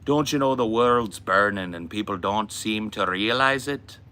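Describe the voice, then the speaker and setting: A man's voice: fairly low pitch, a little slow, bright, forceful tone. A man voicing a hammy stage Irishman with a put-on Irish accent and old-fashioned phrasing. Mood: jaunty. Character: hammy stage Irishman on his little island.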